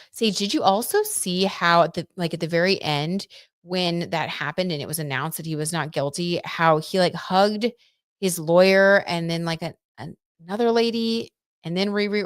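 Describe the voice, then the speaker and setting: A young woman hosting a casual tarot livestream, chatty and animated, full of fillers and asides to her viewers. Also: fairly low pitch, smooth, no room sound, clean studio sound. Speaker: tarot reader and livestream host.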